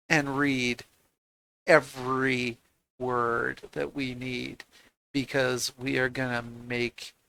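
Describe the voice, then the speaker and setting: Gravelly guy playing a tabletop game, slow and emphatic. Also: medium pitch, a bit bright, rough recording. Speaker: player. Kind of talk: tabletop role-play.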